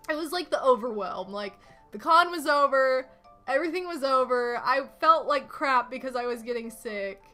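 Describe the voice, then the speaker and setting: A young woman streaming a video game from home, chatting casually and telling stories to her viewers in an animated, rambling way. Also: sits high, moderate pace. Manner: chatty, animated storytelling with lots of "like" and laughs. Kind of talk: casual gaming stream chat. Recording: game music faintly behind.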